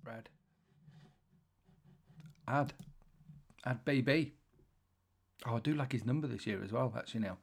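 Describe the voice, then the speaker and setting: A man's voice: mid-range voice, a little slow, vocal fry, pauses often, breathy edge. A man hosting a casual podcast chat at a computer, joking and self-mocking as he mutters his way through a call setup. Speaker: podcast host. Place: indoors at a computer, recording a call.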